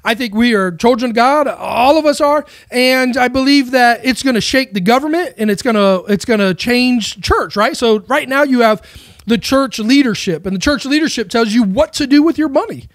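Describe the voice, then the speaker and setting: A man's voice: very high-pitched, moderate pace, no room sound, clean studio sound. A man giving a casual, rambling monologue on faith, with many rhetorical questions. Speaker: Christian speaker.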